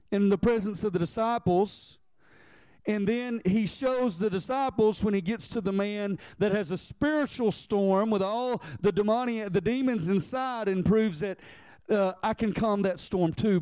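A man preaching a sermon as pastor. He reads scripture in old-fashioned wording, calls on the congregation to answer back, and slows down to stress key phrases. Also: high-pitched, warm tone, clear, resonant tone, no room sound.

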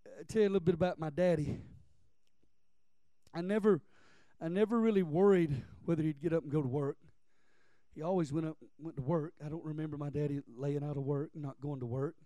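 A middle-aged preacher with a high, mellow voice delivers a storytelling sermon. He leans hard on key words, then sinks low and soft. The sound is close and dry, with no room around it. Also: steady tone, a little fast, pauses often, dry recording. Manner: storytelling, emphatic, drops to quiet for personal stories.

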